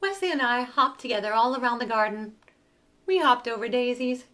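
Woman storyteller for preschoolers, expressive sing-song reading, a bit high-pitched. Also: brisk. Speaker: museum educator. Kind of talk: reading a picture book aloud to young children.

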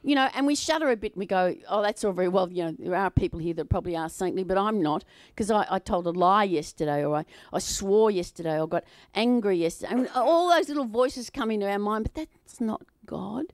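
A woman's voice: medium pitch, animated, brisk, hardly any pauses, no room sound, studio quality. A woman preaching a sermon in a chatty way, often putting questions to her audience.

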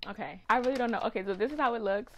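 A woman's voice: a little high, very fast, dull audio. A woman talking casually to camera in a vlog, chatty and emotional, often calling her viewers "you guys". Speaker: vlogger.

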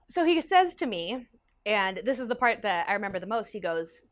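A young woman vlogger telling a personal story in an animated, emotional way, with big swings in her voice. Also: mid-range voice, a little fast. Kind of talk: storytime vlog.

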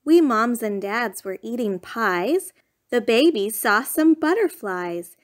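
Slow, high-voiced woman reading a storybook. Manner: sing-song, lively bedtime reading with playful raised shouts. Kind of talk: reading a picture book aloud.

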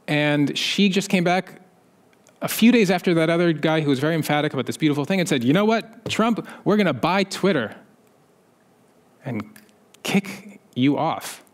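A man giving a conference talk, his voice sitting a little high for a man. He keeps it conversational and drops in wry asides, and he raises his voice whenever he quotes someone else. He sounds like he is speaking into a stage microphone. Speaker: conference panelist.

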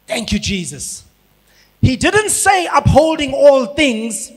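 A man from South Africa, a pastor preaching a sermon, building up to shouted emphasis. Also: high-pitched, big pitch swings, a little slow. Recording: long hall reverb.

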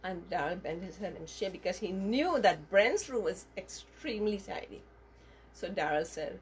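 A woman telling a moral story to children as a teacher, animated and asking them questions as she goes. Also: fairly low pitch, moderate pace, slight background noise.

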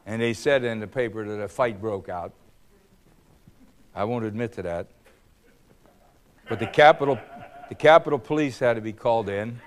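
An older man giving a public speech, telling a story in a blunt, combative way, swinging between loud bursts and low remarks. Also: moderate pace, pauses often, slight background noise. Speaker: speaker. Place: hall.

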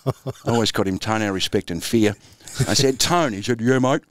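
A man's voice: lowish voice, fairly quick, no room sound, clean studio sound. An Australian man in his sixties, a former footballer and coach, telling anecdotes in a laid-back, chuckling interview style. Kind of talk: storytelling interview.

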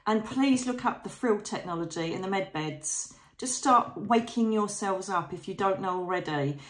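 A woman's voice: mid-range voice, moderate pace. Gushing woman vlogging. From Britain. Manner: effusive, emotional, chatty with frequent fillers. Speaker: psychic medium vlogger. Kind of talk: casual vlog to followers.

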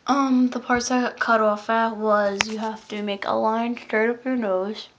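A woman casually rambling through a makeup vlog. She often trails off into soft mutters. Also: a little high, level tone, a little slow, background noise. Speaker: makeup vlogger. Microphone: phone. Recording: lo-fi phone recording.

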